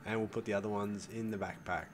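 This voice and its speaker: A faint hiss or hum accompanies a lowish, fairly evenly intoned male voice that moves quickly. He's an older gaming host offering casual play-by-play, thinking out loud, cursing freely, and greeting his audience as "folks."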